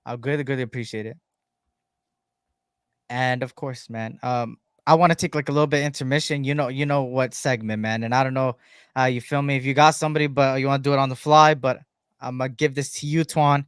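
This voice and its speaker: A man's voice: medium pitch, fairly even intonation, a little fast, clean tone, no echo, studio quality. A man hosting a fan podcast live stream, greeting viewers in an upbeat, repetitive way. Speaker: podcast host. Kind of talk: live stream chat shout-outs.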